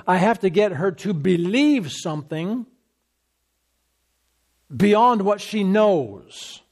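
A man's voice: sits high, a little mellow. A man preaching a sermon, emphatic and repetitive, acting out quotes from scripture as he goes.

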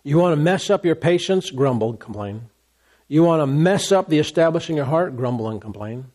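A man preaching a sermon as a pastor, animated, acting out complaining voices along the way. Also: fairly high pitch, fairly quick.

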